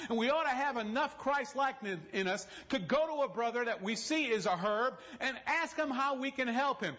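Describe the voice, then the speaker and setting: A man's voice: very high-pitched, fairly bright tone. A man preaching a sermon in a church, telling stories with direct appeals to the congregation and humorous asides. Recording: dull lo-fi recording.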